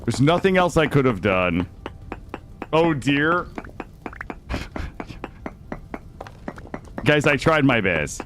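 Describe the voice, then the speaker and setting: A man streaming a survival game live, chatting with viewers in an excitable, jokey way and arguing his case to chat. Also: mid-range voice, very slow, long pauses, a little hiss or hum. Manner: excitable, jokey, defensive with chat, yelps and laughs. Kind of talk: live gameplay commentary.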